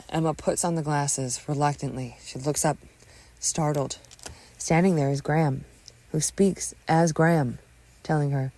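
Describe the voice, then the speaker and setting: Low lively woman narrating an audio drama, close dry mic. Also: normal speed, vocal fry, no room sound. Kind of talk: scripted narration.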